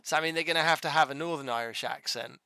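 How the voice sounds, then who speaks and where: A co-host chatting casually on a live tabletop game stream, bubbly and animated, with laughs and trailing restarts. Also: mid-range voice, quick pace, clear, resonant tone, no room sound, clean studio sound.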